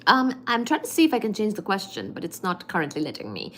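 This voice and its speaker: A woman hosts a casual livestream, reading viewers' comments one after another and answering each. She is chatty and playful, warm with her regulars, and her voice sits at a middling pitch. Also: very animated, quick pace, hardly any pauses, slight background noise. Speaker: livestream host. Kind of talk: reading live chat comments.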